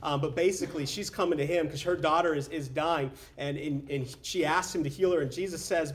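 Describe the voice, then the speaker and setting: Casual, slightly high-voiced male pastor. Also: steady tone, brisk, few pauses. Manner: conversational, says "man" a lot, with frequent restarts. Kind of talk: casual sermon.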